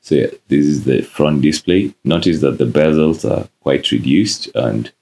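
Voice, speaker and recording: A man with a very deep, gravelly voice talks through an unboxing in a relaxed, casual way. He pauses often on "uh" as he goes. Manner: relaxed, many "uh" fillers. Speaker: tech reviewer.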